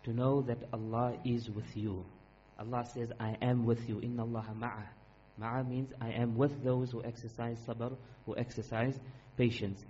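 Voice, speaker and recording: A man delivers an earnest, emphatic sermon at a middling pitch, leaning on repetition and quick recitation of Arabic verses. The recording is dull and lo-fi, with a faint hum underneath. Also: level tone, mellow. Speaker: Islamic preacher.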